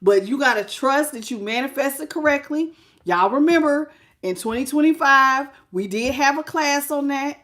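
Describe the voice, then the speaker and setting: A middle-aged woman reading tarot on a live stream, animated and exclamatory, greeting her viewers by name. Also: high-pitched, normal speed. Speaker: tarot reader.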